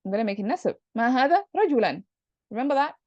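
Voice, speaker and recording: A fairly high-voiced woman teaching grammar in a calm, patient way, building each point through examples. The recording is dull and lo-fi with a dry, close sound. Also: quick pace, dry recording. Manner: patient, explains step by step with examples. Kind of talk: online class explanation.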